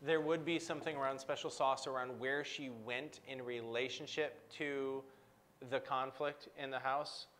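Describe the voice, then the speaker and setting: A man's voice: medium pitch, steady tone, moderate pace, a bit bright, a little hiss or hum. A man coaching a guest on a live stream, reflecting back what she says and asking probing questions.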